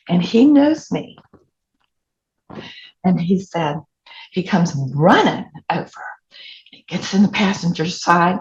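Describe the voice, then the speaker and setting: A woman pastor with a Southern US accent, preaching through personal stories with animated asides. Her voice has a gravelly edge. The recording sounds dull and lo-fi, as from a church sound system. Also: fairly low pitch. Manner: storytelling, animated, laughing asides. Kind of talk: sermon.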